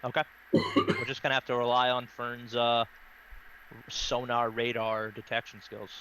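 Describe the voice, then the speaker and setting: A man playing a tabletop game casually, joking and chatting with the table. His pitch moves a lot, and faint ambient noise hums behind him. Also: unhurried, low-quality recording. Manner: jokey, lively, laughs often. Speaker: player.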